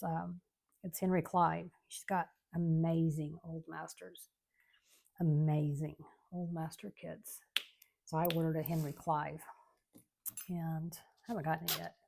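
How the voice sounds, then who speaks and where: Low-voiced, gravelly woman chatting. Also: little pitch movement, moderate pace. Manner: chatty, rambling, soft-spoken. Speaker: craft channel host. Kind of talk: casual chat while crafting. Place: home craft room.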